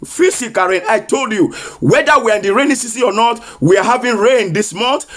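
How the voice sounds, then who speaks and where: High-pitched preacher, lively rising declarations. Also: male voice, moderate pace. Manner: repetitive chanting declarations. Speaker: pastor. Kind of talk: sermon with prophetic declarations.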